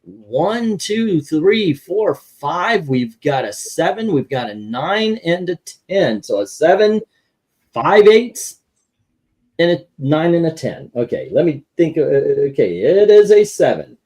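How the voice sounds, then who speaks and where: A man's voice: a little high, sing-song, slow pace, darkish tone, slightly rough. A man hosting a casual panel that ranks comic covers. He reads out viewer scores and rambles through his counting with lots of fillers. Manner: rambling, many fillers while counting aloud.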